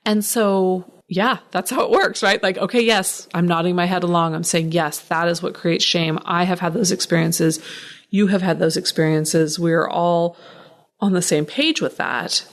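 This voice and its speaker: A woman hosting a solo podcast, talking in an animated way, ranting at times and laughing often. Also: on the low side, normal speed. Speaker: podcast host.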